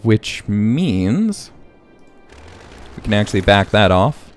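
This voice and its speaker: A man's voice: lowish voice, big pitch swings, soft background music. A young man hosting a casual city-building gameplay video, thinking aloud as he works. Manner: slow, thinking aloud, hiccuping. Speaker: let's play host.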